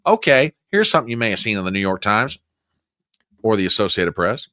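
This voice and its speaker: A man's voice: on the low side, very animated, brisk, pushed and bright, dry recording, clean studio sound. A man hosting a political commentary show, ranting with exasperated sarcasm. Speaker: host.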